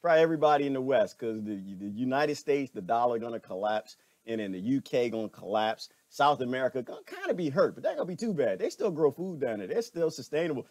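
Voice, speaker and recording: A middle-aged man giving a preachy, animated monologue as a vlogger, laughing often and repeating himself. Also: medium pitch, fast, hardly any pauses, no echo. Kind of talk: ranting commentary monologue.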